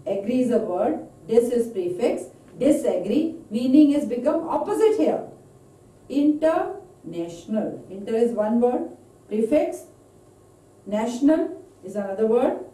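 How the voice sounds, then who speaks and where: A woman teaching pronunciation in a recorded online lecture, slowly drilling word lists one by one. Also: a little high, lively intonation, dark tone. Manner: slow, deliberate, drawn-out word drills. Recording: echoey room, voice from far off mic.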